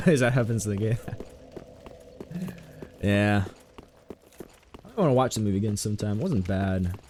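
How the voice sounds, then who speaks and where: A man's voice: on the low side, lively intonation, normal speed, long pauses, a little mellow, a little hiss or hum. A young man chatting casually while he streams a game, rambling and mocking his own mistakes. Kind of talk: casual gameplay commentary.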